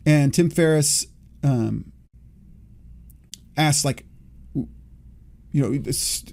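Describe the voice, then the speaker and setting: On his solo podcast, a man in his forties thinks out loud, rambling and correcting himself as he reflects. His voice is fairly high with a dark tone.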